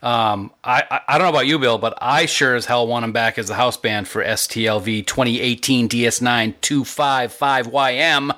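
Male co-host with a bright voice, enthusiastic, telling stories in casual chat. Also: mid-range voice, fairly even intonation, normal speed, few pauses. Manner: enthusiastic, storytelling. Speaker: podcast co-host.

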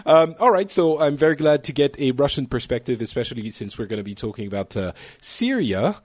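A man from France hosts a loose, joking podcast chat at a middle pitch. His voice is recorded dry and close on a remote podcast mic, with little room sound. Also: animated, fairly quick, a little mellow, dry recording. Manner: joking, loose, restarts often. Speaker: podcast host.

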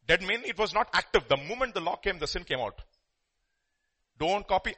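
A man preaching a sermon, telling a story with sudden loud, emphatic bursts. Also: a little high, big pitch swings, a little fast.

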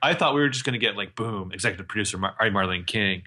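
A man co-hosting a podcast, casually recapping a TV episode and acting out the characters' lines in a lively, storytelling way. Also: lowish voice, fast. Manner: animated storyteller, acts out quotes, swears casually. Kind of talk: casual chat.

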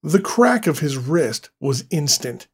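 A man giving a scripted horror story narration in a slow, deliberate, dramatic way. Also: on the high side, big pitch swings, slightly rough.

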